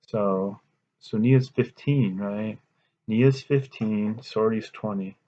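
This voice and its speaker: A man's voice: fairly low pitch, takes it slowly, dark tone, lo-fi sound. Man reading a story aloud to a class. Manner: conversational, checks in with listeners. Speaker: teacher.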